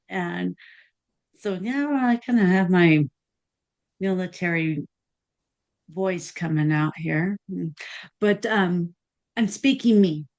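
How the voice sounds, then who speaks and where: A woman hosting a podcast, talking in an earnest, thoughtful way and pausing often as she thinks aloud. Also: fairly low pitch, darkish tone. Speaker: podcast host. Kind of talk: casual podcast conversation.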